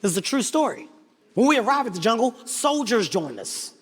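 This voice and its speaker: A man telling a profane stand-up comedy story with animated, indignant outbursts. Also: very high-pitched, a little fast, breathy edge. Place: large venue with audience. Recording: echoey hall, faint background noise.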